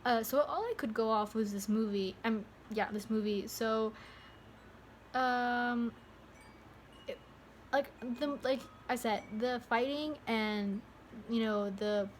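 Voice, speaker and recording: A woman's voice: a little high, a little hiss or hum. A young woman talking casually to camera in a movie review vlog, rambling and interrupting herself with lots of fillers. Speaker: vlogger.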